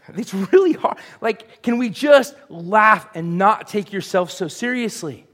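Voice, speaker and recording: A man's voice: high-pitched, sing-song, a little slow, fairly bright tone. A man preaching a sermon in a conversational, joking way, full of rhetorical questions. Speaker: pastor.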